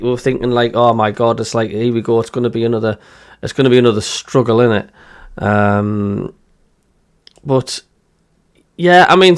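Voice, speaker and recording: A man with a Sunderland accent hosting a casual football chat show, reading out live chat messages with plenty of fillers. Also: medium pitch. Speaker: podcast host reading listener messages.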